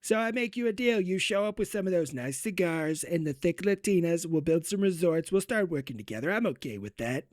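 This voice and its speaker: A man's voice: high voice, lively intonation, brisk, few pauses, a little mellow, dry recording, studio quality. A man doing a brash bragging American president. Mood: boastful. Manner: bragging, offhand deals. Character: boastful male American president, brash and crude. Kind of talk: comedic country role-play.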